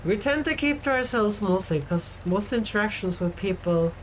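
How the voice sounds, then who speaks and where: A woman's voice: medium pitch, lively intonation, moderate pace, slight background noise. A woman from Sweden chatting casually and joking with her viewers while she plays a game. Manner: joking, rambling, teasing chat. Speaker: game streamer.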